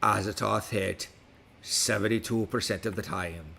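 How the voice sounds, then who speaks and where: A man's voice: on the low side, steady tone, unhurried, vocal fry, pushed and bright. A middle-aged man hosting a casual livestream, talking in a put-on West Country pirate accent. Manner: playful pirate talk, reads stats aloud. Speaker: livestream host.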